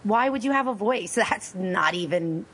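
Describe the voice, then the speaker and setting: A woman hosting a talk radio show, hoarse from losing her voice, chatting in a bubbly, giggly, rambling way. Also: medium pitch, animated, moderate pace, fairly bright tone. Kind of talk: casual radio show chat.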